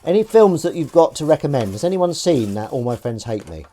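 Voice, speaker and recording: While washing up, a man hosts a rambling live stream, cracking self-mocking jokes and swearing casually. His voice is a little high and dark in tone, very animated and a touch fast.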